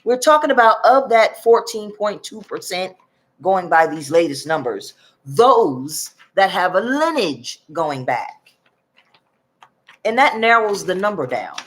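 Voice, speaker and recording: A woman from the northern United States, talking to her channel in a loose, rambling way as she reads out figures, with many pauses and self-corrections. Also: mid-range voice, sing-song. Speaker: YouTube commentator. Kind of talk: casual monologue reading from documents.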